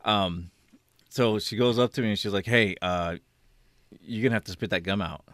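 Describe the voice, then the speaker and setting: A man's voice: fairly low pitch, normal speed, a bit bright, dry recording, studio quality. A man casually telling a rambling, amused story on a podcast, acting out what people said. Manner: rambling, amused, acts out quoted lines. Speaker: podcast co-host.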